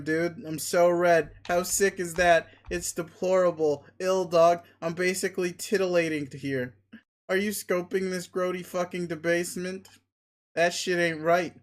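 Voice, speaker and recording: A man reading a webcomic aloud, voicing a boastful, crude, muscle-obsessed male creature who swears loudly and gives commands. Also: on the high side, lightly acted. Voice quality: loud, bragging, swears constantly. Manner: bombastic, pushy, commanding.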